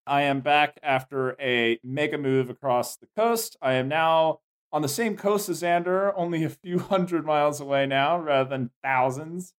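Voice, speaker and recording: A man's voice: a little high, moderate pace, clear, resonant tone. A man co-hosting a podcast, chatting casually and cracking dry jokes. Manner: joking, dry humor. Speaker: podcast co-host.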